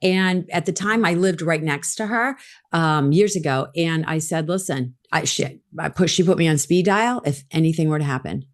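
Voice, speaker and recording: A woman with a low voice tells her story as a podcast guest. She is middle-aged and animated, and she voices the lines of the people she quotes. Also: moderate pace. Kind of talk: storytelling in a conversation.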